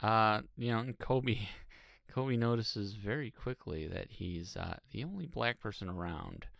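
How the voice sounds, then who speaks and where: Opinionated man podcast co-host, low voice. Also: lively intonation, measured pace, creaky, a bit bright, no echo, studio quality. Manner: opinionated, swears casually. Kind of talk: casual chat recapping a reality show.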